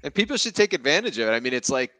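A man's voice: medium pitch, big pitch swings, very fast, bright, forceful tone, no echo, rough recording. A man in his late thirties chatting easygoingly on a podcast, a little self-deprecating. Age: 30s. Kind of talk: casual chat.

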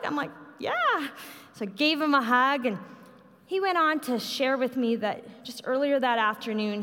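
A woman giving a sermon, telling a personal story in an earnest manner. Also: fairly bright tone. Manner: earnest storytelling, quotes others with raised pitch. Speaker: preacher. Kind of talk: sermon testimony. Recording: long hall reverb.

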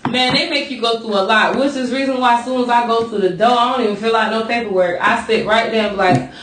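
A woman's voice: fairly high pitch, steady tone, fast, echoey room, distant mic, background noise. A woman co-hosting a casual podcast chat, talking in a blunt, profane, fired-up way. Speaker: podcast co-host.

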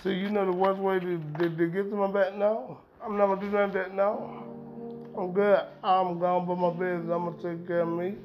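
A man's voice: sits high, level tone, brisk. A man hosting a podcast in a rambling, profane, emphatic casual monologue. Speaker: podcast host. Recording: dull lo-fi sound with music behind.

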